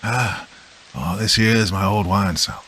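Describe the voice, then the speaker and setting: Man voicing a gruff, weary old grandpa. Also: fairly low pitch, normal speed, bright, forceful tone, slight background noise, low-quality recording. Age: older.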